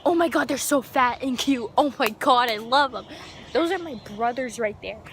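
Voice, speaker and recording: A young woman vlogging on her phone in a backyard, excitable and giggly, gasping and sometimes dropping to a whisper. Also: high voice, normal speed. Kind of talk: casual vlog chatter. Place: backyard outdoors. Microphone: handheld phone. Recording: noisy outdoor phone recording. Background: outdoor ambience with animals.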